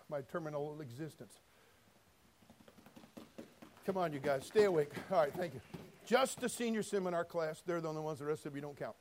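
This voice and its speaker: A man preaching a sermon, folksy and direct, moving between quiet storytelling and loud shouted passages. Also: sits high, a little hiss or hum. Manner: folksy, addresses listeners as friend and brother.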